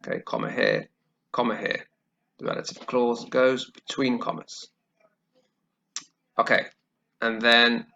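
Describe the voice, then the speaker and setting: A man teaching English grammar, explaining slowly and carefully and checking in with "okay" as he goes. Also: mid-range voice, vocal fry, bright, forceful tone, a little hiss or hum. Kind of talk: grammar lesson while writing on screen. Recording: dull lo-fi recording.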